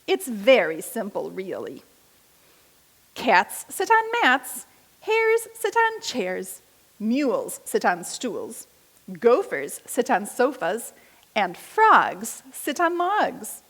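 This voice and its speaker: A calm, know-it-all storybook cat read out by a woman, patiently reciting rhymes at an unhurried pace. Her tone swings between high and low notes. A long hall reverb trails each phrase. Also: full character voice. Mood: matter-of-fact. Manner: explaining patiently, rhyming lists.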